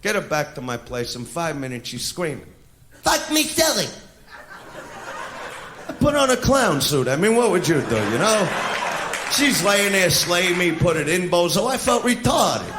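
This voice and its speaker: A male stand-up comedian doing a crude, brash routine, shouting his punchlines live on stage. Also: high voice, very animated, normal speed. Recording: echoey live venue with laughing audience and noise. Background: audience laughter.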